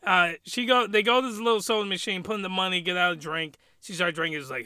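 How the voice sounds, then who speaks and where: A man's voice: sits high, fast talker, hardly any pauses, sharp tone, clear, resonant tone, no echo, studio quality. A man giving a comedic review rant, rambling and exclamatory, with loose, colloquial talk. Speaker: anime reviewer.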